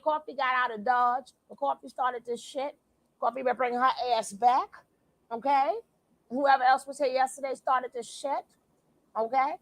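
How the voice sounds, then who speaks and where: A woman hosting a casual reaction show, her voice sitting a little high. She talks loudly and animatedly, laughing often and circling back over the same phrases. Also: steady tone, normal speed. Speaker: reaction channel host.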